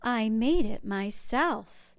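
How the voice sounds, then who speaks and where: A woman's voice: a little high, animated, slow. A woman doing a chatty old grandmother. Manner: warm, fussing, chatty and gently scolding. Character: kind, cheerful old grandmother hosting a holiday dinner. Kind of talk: picture book read aloud.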